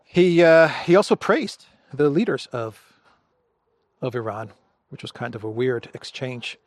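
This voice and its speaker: A man's voice: mid-range voice, animated, unhurried, no room sound. A man hosting a political commentary show, talking casually and wryly, chuckling, with loose restarts.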